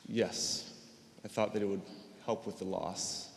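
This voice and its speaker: A teenage boy testifying as a witness in a mock trial, giving measured, guarded answers. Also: lowish voice, steady tone, vocal fry. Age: teens. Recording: echoey hall, long reverb, faint hiss.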